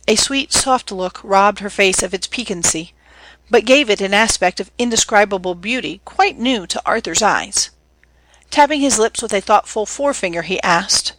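A woman reading an audiobook in a measured, clear storytelling manner. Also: medium pitch, animated, fairly bright tone, no echo, low-quality recording. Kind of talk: audiobook narration.

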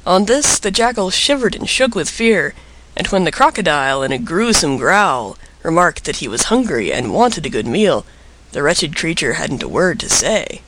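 A man narrating a storybook tale in an expressive, lilting way. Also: on the high side, moderate pace, a little hiss or hum, rough recording.

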